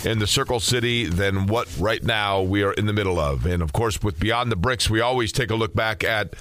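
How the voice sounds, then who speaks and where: A man's voice: lowish voice, brisk, fairly bright tone, faint music behind. A man co-hosting a radio show in a studio, chatting casually and enthusiastically. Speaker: radio co-host.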